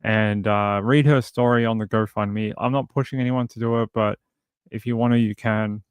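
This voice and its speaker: A man's voice: on the low side, fairly even intonation, normal speed, smooth, dry recording. A man hosting a casual livestream, rambling and easily exasperated as he chats to viewers. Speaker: livestream host.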